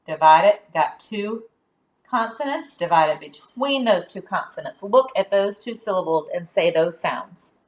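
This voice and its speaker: A woman teaching a children's phonics lesson, giving clear directions and encouraging praise. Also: on the low side, expressive. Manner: slow, clear, drawn-out words.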